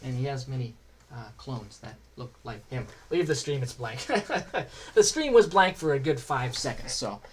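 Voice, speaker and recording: A man's voice: medium pitch, animated, measured pace, slight background noise. A man streaming a video game, chatting and joking casually as he plays and answers chat. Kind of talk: casual gameplay commentary.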